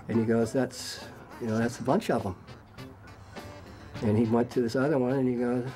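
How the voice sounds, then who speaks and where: A man's voice: mid-range voice, low-quality recording. Laid-back man spinning a yarn. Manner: relaxed, rambling, laughs at his own story. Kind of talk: casual storytelling interview.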